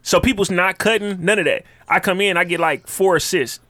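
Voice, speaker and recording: A man's voice: high-pitched, brisk, pushed and bright, no echo. A man in his thirties, a podcast co-host, telling laid-back, slangy stories in casual chat. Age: 30s.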